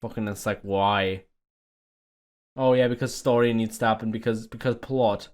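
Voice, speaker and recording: A man's voice: on the low side, steady tone, normal speed. A man co-hosting a casual podcast, ranting and exasperated, with heavy swearing. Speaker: podcast co-host.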